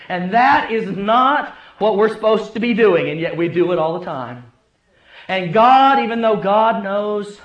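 High-voiced man preaching in an echoey room. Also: highs cut off. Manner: storytelling, swings between loud and hushed. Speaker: pastor. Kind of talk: sermon.

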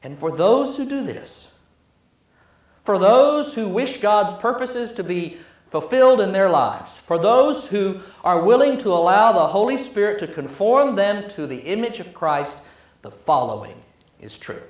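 A man preaching a sermon, emphatic and building through repetition, then dropping to a hush. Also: high voice, very animated, measured pace, muffled recording. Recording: echoey room.

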